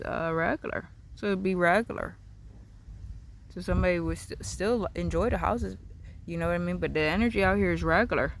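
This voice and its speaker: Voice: mid-range voice, a bit bright. A vlogger talking in a casual, rambling, repetitive monologue outdoors in a backyard. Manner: rambling, repetitive, free-associating.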